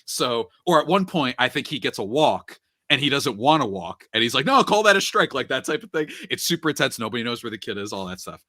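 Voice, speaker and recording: A man chatting on a podcast in a lively, sharp voice that swoops up and down as he tells a story. The sound is close and dry, with no room around him. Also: medium pitch, a little fast, hardly any pauses, no echo. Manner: animated storytelling, retelling a movie scene by scene. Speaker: podcast speaker. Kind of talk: casual chat.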